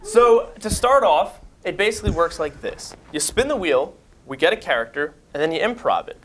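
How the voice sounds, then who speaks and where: Playful high-voiced male talk show host. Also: lively intonation, moderate pace, a bit bright. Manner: playful, laughs between lines. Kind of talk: comedic talk show hosting.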